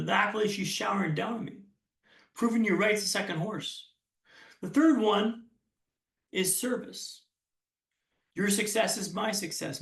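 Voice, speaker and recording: High-voiced man giving a roomy keynote. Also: vocal fry, a bit bright. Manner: earnest storytelling with frequent restarts. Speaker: keynote speaker. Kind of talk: motivational keynote talk. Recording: roomy sound from a distance.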